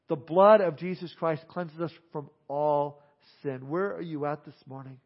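A male pastor preaching earnestly, slowing on key phrases, then leading a prayer. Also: fairly high pitch. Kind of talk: sermon with altar call and prayer. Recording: dull lo-fi sound.

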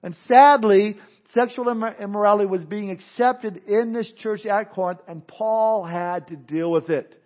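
A man delivers a sermon from the pulpit in a high voice, often doubling words and restarting his phrases. The recording sounds dull and lo-fi. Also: normal speed, few pauses. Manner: preaching with frequent repeated words and restarts. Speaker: pastor.

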